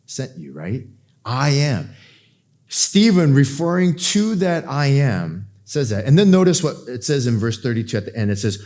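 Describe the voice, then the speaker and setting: A man preaching a verse-by-verse sermon, acting out the people in the scripture with sudden jumps in pitch and dropping to a hushed voice at tender points. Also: very animated, moderate pace. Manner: drops to a soft, hushed voice for emotional moments. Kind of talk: expository sermon.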